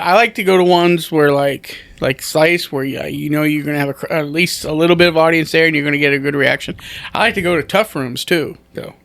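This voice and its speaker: A man's voice: on the high side, gravelly, a bit bright, no room sound. A man who is a stand-up comedian talking casually on a podcast in a rambling, self-deprecating way, with many restarts.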